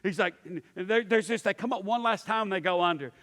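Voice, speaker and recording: Speaking a little fast in a high, slightly bright voice, this Pittsburgh-area pastor leads a church class through stories, voicing the characters himself. His talk is full of restarts and fillers, and the recording carries a long hall reverb.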